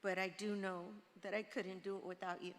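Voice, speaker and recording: Woman speaking haltingly at a funeral. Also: medium pitch, level tone. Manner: halting, heartfelt, short phrases. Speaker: eulogy speaker. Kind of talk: funeral tribute. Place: church sanctuary. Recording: reverberant church hall.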